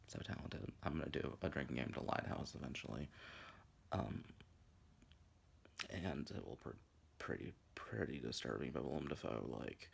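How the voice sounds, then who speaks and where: A young man in his twenties talks through a casual, rambling commentary. His voice sits low and carries a gravelly fry, and he keeps dropping crude, campy, profane asides. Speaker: vlogger.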